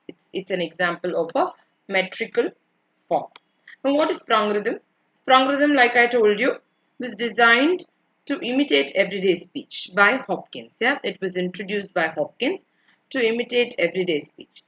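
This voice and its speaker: An English literature lecturer gives an online class, patiently explaining points, repeating them and checking in with her students. Her medium-pitched voice has lively intonation and a fairly bright tone at a moderate pace. The recording sounds muffled.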